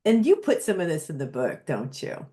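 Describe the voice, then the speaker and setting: Host: woman with a lively, varied pitch, encouraging and curious. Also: moderate pace. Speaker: podcast host. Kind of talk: interviewing.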